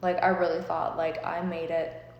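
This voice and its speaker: A woman's voice: deep voice, completely flat delivery, moderate pace, vocal fry, lo-fi sound, a little hiss or hum. A young woman telling a story in a chatty, casual way, full of fillers and swearing. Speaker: vlogger. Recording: echoey room with long reverb.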